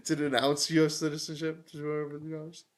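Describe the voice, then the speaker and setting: A man live-streaming political commentary, irreverent and mocking, breaking into whiny put-on voices. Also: fairly high pitch.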